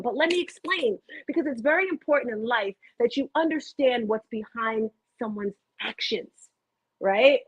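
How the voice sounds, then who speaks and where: Brief: middle-aged woman, motivational host, husky, fairly high voice, rambling and animated, tinny dry webcam audio. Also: normal speed, no room sound. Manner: chatty, goes off on tangents, animated storytelling. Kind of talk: rambling live motivational talk. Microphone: computer webcam.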